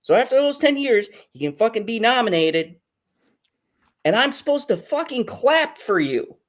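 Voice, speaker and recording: A woman's voice: fairly high pitch, sing-song, moderate pace. A woman guest on a fan talk show, ranting heatedly with constant swearing and frequent laughter. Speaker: guest commentator. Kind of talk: profane ranting commentary.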